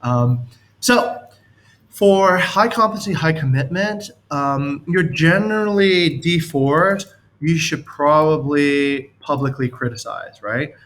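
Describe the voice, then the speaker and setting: A man's voice: on the high side, slow pace, fairly bright tone. A man leading a team session, coaching on leadership in a rambling, anecdotal way and chuckling as he explains.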